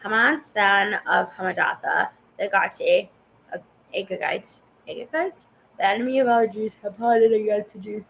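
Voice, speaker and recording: A woman's voice: medium pitch, steady tone, moderate pace, gravelly, hardly any pauses, fairly bright tone, a little hiss or hum, low-quality recording. A woman reading scripture aloud in a casual way, stumbling over hard names and stopping to cough. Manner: stumbles over names, chatty asides to the viewer. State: coughing and yawning. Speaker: Bible reader.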